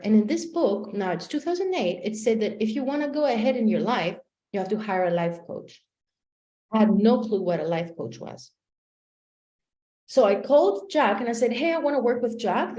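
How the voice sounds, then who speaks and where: A woman coaching trainer giving a motivational talk, animated storytelling with acted-out quotes. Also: mid-range voice, moderate pace. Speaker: life coaching trainer and speaker. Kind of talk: motivational talk to a live online audience. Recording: echoey room.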